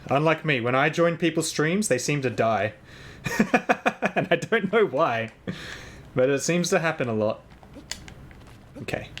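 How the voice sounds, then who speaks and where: A man with a mid-range voice live-streams a game, chatting casually with viewers and thinking aloud in an excitable, rambling way. Now and then he shouts at his in-game horse, and there's a little hiss or hum on the recording.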